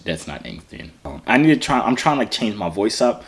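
A man's voice: lowish voice, very animated, a little fast, few pauses. A young man from Arkansas, joking around with strangers on a phone video chat. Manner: playful, joking, teasing. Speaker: YouTuber.

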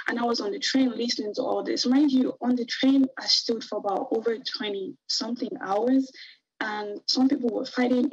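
A young woman from Nigeria, a guest on a television interview, recounting a personal ordeal in an earnest, halting way with many fillers. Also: medium pitch, husky, no echo, lo-fi sound.

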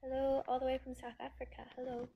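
A woman chatting casually on a phone livestream, greeting viewers and reading their comments aloud in a breezy way, quick to laugh. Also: sits high, completely flat delivery, gravelly, breathy edge, dull audio. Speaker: actress hosting a livestream.

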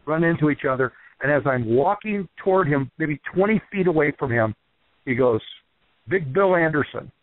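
The guest on this casual phone-in radio interview is a wrestler trainer whose voice runs somewhat high and a little fast. He rambles through animated stories with many fillers, and the tinny, dry line carries no echo.

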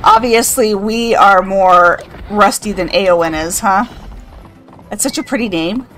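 A woman's voice: mid-range voice, unhurried, a bit bright, faint music behind. An older woman streaming a game, chatting casually, reading out chat and laughing often. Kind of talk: casual live-stream chat while gaming.

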